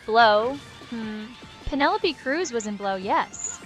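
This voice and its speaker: A woman's voice: on the high side, expressive, slow pace, faint music behind. Sarcastic synthetic woman's voice. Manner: sarcastic, witty, mock-exasperated. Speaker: AI voice companion. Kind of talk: sarcastic chatbot banter.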